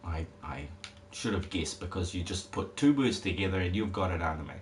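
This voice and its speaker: A man with a very deep voice streams a game, rambling and tossing jokey asides to his chat. The recording carries a steady noisy hiss with keyboard typing behind. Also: fairly quick. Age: adult parent. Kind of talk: casual live-stream commentary.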